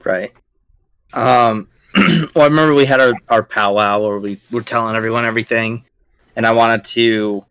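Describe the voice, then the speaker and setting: Male player, low smooth voice, hesitant and pausing, dry close mic. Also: fairly bright tone, no echo. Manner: hesitant, many ums and pauses. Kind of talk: casual chat during a streamed tabletop game.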